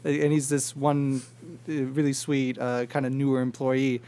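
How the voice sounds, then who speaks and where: A young man on a podcast, telling a story in a casual, animated way and swearing freely. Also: medium pitch, a little slow. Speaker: podcast co-host. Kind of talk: casual chat.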